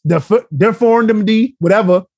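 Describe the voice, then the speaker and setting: A man with a high voice co-hosts a casual podcast chat. He talks in an animated, profane rush and keeps asking if you follow. The sound is close and dry. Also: moderate pace, no echo. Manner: animated, profane, repeats "you get what I'm saying". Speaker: podcast co-host.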